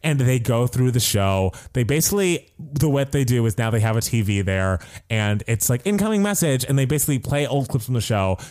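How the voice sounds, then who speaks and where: A man in casual podcast chat, telling a story with lively, animated delivery. He peppers everything with fillers and jumps into voices for the people he quotes, in a middle-pitched voice. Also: brisk, few pauses.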